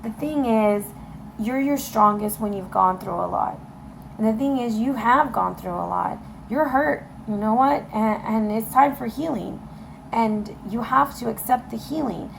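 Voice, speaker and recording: A woman's voice: fairly high pitch, a little slow, gravelly, slight background noise. A woman giving a casual tarot reading, talking straight to viewers in an encouraging way, her voice getting tired. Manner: encouraging, talks straight to viewers, keeps checking in with "okay?". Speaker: tarot reader.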